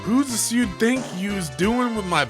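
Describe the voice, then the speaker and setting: A man's voice: high-pitched, lively intonation, measured pace, music in the background, pitched above the performer's own voice. A man voicing a hotheaded gangster biker who talks in brash thug slang. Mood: menacing. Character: loud tough-talking male gangster biker, hotheaded.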